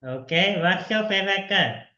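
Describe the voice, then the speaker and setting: A man's voice: high voice, lively intonation, moderate pace, pushed and bright, highs cut off. Chatty young-sounding man on a roomy call. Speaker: interviewer. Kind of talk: casual video call interview. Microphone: video call.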